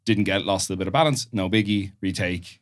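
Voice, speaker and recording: An Irish man hosting a podcast, relaxed and encouraging, recapping the story before he asks his question. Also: low-pitched, fast talker. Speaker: podcast host. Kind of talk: casual interview chat.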